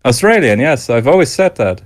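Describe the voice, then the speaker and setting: A man in a casual online chat, delivering deadpan, rambling jokes with frequent stammers. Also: medium pitch, a little fast. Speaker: regular guest.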